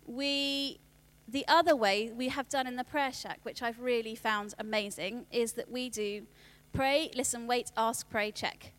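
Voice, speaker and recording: A woman, giving a workshop talk on children's ministry in a chatty way, with quick asides and restarts. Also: a little high, fairly even intonation, a bit bright.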